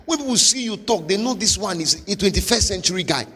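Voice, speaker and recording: A man with a Nigerian accent, a pastor giving a motivational sermon with forceful, repetitive exhortation. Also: high-pitched, animated, quick pace, slightly rough. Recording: long hall reverb.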